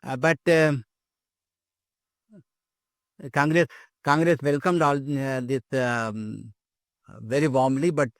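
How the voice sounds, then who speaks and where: A man's voice: medium pitch, fairly even intonation, takes it slowly, pauses often, dry recording. An older man giving an academic lecture, hesitant, with many fillers and repeated words.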